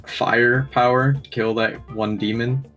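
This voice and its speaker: A man's voice: mid-range voice, steady tone, measured pace, pushed and bright. A young man joining a casual anime review chat, laid-back and tentative. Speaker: guest co-reviewer. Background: faint game music.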